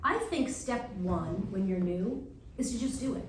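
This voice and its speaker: Distant animated woman in an echoey hall. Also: medium pitch. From Long Island, New York. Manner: animated, acts out voices in quick asides. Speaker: guest speaker answering student questions. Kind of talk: lively advice talk at a Q&A. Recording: echoey room, heard from far off, faint noise.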